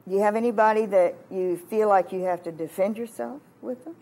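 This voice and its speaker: A woman in her sixties from Kansas giving a heartfelt testimony sermon at a retreat, moving between hushed and emphatic delivery. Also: medium pitch, fairly quick. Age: 60s. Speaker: retreat speaker.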